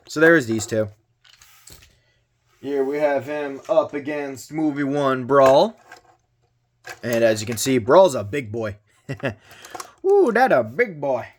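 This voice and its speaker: A man from Canada casually reviewing a toy, chatty and joking, with mild exasperated exclamations as he handles it. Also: medium pitch.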